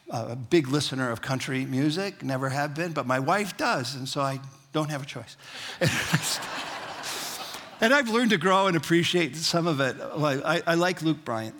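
Male pastor, husky voice, folksy sermon with light jokes and call-and-response. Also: fairly high pitch, a bit bright. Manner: conversational and folksy, with humorous asides; leads the congregation in call-and-response.

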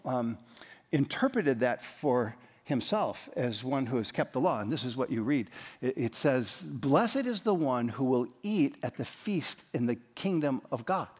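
A man's voice: medium pitch, a little mellow, breathy edge, long reverb tail. A man preaching a sermon as pastor, emphatic and leading his congregation in reading aloud. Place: church.

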